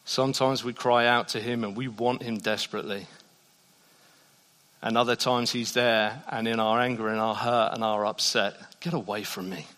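A man delivers a sermon from a church. He is a pastor who swings between quiet, intimate passages and loud, emphatic peaks. His voice carries a long reverb from the hall around him. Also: medium pitch, level tone, normal speed.

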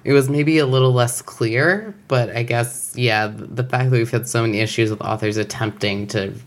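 A man's voice: medium pitch, moderate pace. A man in a casual book discussion, hesitant and thinking aloud.

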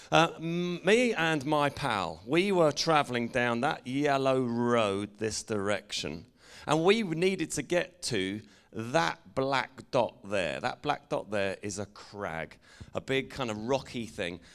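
English man preaching, jokey storyteller who teases the room, easygoing mid pitch. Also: creaky. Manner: playful, jokey, engages the audience. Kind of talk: storytelling sermon to a congregation.

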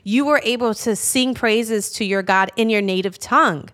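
A woman's voice: on the high side, moderate pace, fairly bright tone. Earnest woman worship leader chatting. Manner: earnest and encouraging, many "like" fillers. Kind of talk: casual interview chat.

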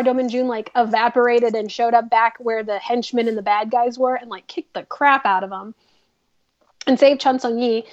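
A woman's voice: on the high side, dull audio. Chatty woman recapping a show. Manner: chatty, animated retelling with playful asides. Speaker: podcast co-host. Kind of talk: casual chat recapping a drama.

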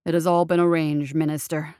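A woman reading a storybook voicing a smug, fleshy male aristocrat in a lower, quieter, oily voice. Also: level tone, brisk, smooth, no echo, studio quality, natural voice.

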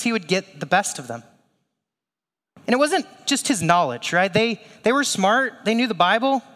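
A man's voice: high voice, bright, forceful tone, in a large hall. A male pastor preaching a sermon in a conversational way, with rhetorical asides and questions.

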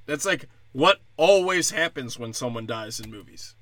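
A man's voice: medium pitch, lively intonation, normal speed, a bit bright, dry recording. Sarcastic, profane man ranting. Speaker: podcast host. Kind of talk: casual comedic rant.

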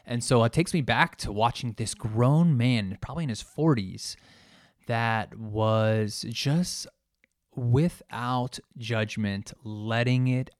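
A man's voice: medium pitch, takes it slowly, no room sound, clean studio sound. A man hosting a solo podcast, talking in an earnest, thoughtful way as he searches for his words. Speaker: podcast host and coach. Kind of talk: solo reflective podcast talk.

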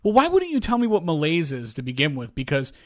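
A man's voice: fairly high pitch, quick pace. A man in his forties, a podcast co-host, chatting casually and telling stories with acted-out dialogue. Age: 40s. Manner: animated storytelling, acts out quoted dialogue. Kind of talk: casual chat.

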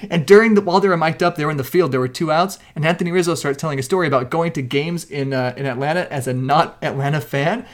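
Animated storytelling man, higher voice. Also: quick pace, few pauses. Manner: animated, acts out quotes with loud shouts. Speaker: podcast co-host. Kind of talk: casual chat, animated storytelling.

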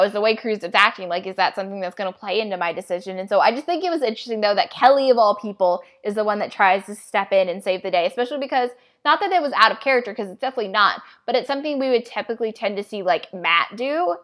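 A woman's voice: mid-range voice, fairly bright tone. A woman co-hosting a podcast, rambling casually and filling her talk with "like" and "you know". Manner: rambling, says "like" constantly. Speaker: podcast co-host. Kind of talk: casual chat.

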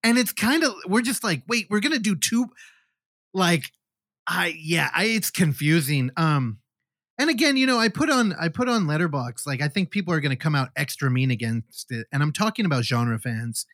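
A man co-hosting a podcast, chatting casually about horror films, animated and swearing freely. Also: a little high, moderate pace, no room sound, studio quality. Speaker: podcast co-host.

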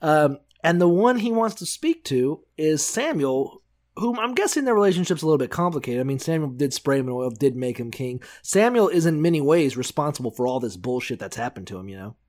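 Man co-host, higher voice, profane and jokey, casual chat. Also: brisk. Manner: profane, joking, animated. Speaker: podcast co-host.

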